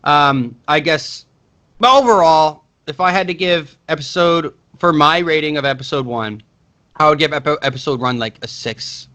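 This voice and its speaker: Guy rambling about movies on a podcast, bright forceful voice, kinda high, swears a lot. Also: normal speed. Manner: rambling, restarts often, swears. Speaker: podcast co-host. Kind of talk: casual movie chat.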